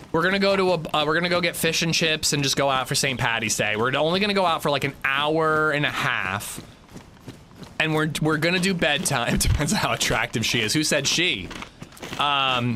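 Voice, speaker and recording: A man's voice: on the high side, pushed and bright, a little hiss or hum. A man in his thirties streaming a game, chatting casually and joking with his chat in a rambling way. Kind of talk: casual livestream chat while gaming.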